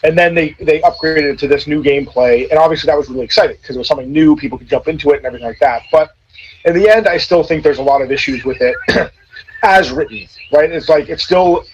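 A man as a podcast guest in casual chat, rambling and animated. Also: fairly high pitch, fast talker, a little hiss or hum. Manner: rambling, animated, many restarts. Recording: dull lo-fi sound.

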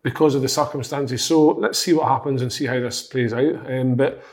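A man's voice: medium pitch, normal speed, darkish tone. A man with a Scottish accent giving his football views in casual podcast chat, repeating words as he thinks. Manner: thoughtful, repeats words as he works out his point. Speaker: football pundit.

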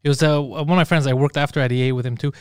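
A male podcast host telling stories in a casual chat, animated and full of swearing. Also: medium pitch, racing, smooth, dry recording, clean studio sound. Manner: animated, swears a lot, acts out quotes.

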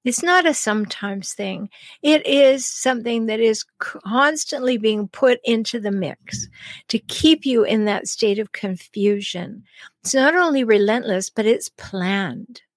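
A middle-aged woman hosting a solo advice podcast as a relationship coach, speaking deliberately and slowing down with pauses to stress key words. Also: a little high, animated, dry recording.

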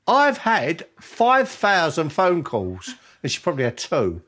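A man's voice: fairly high pitch, huge pitch swings, takes it slowly, a bit bright. A middle-aged man, a father answering questions bluntly with jokes. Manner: blunt, joking. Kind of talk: casual chat.

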